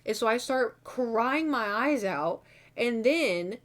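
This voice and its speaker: A woman's voice: on the high side, expressive, slow. Rambling young woman chatting on a livestream. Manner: rambling, candid and swearing, many fillers. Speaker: streamer. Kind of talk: casual chat. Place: home room.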